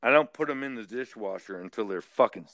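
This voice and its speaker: A man ranting with loose, profane energy, stacking curse words and checking in with "right?" after each point. His voice is steady in pitch, and the recording is dry with almost no room sound. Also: brisk, no room sound. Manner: animated, swears constantly, repeats "right?". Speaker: caller. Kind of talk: casual profane rant.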